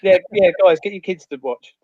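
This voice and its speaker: A man's voice: high voice, fairly quick, dry recording. A man with a rambling, sweary storytelling manner in a casual outdoors chat. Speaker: outdoors guest. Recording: muffled dry audio.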